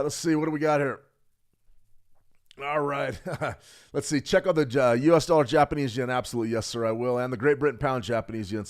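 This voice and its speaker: A middle-aged man hosting a live trading stream, talking fast and joking with viewers while he reads the chat. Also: medium pitch. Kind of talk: live market analysis, reading chat.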